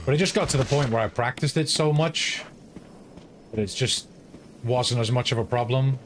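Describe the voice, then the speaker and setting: A man's voice: medium pitch, moderate pace, slight background noise. A British man streaming a game, chatting casually with viewers, swearing freely and humming to himself. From Britain. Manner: chatty, profane, hums to himself. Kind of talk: casual gameplay stream chat.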